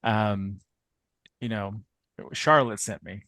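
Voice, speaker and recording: A man's voice: on the low side, takes it slowly, fairly bright tone, dry recording. Laughing male player, dry close sound. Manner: laughing, self-deprecating. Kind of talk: casual tabletop play.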